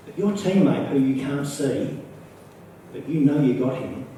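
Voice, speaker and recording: An Australian preacher gives an earnest, unhurried sermon, circling back to key phrases for emphasis. His medium-pitched voice is mellow, dark and expressive. He is far from the mic in a large room with heavy echo and a faint ambient hum.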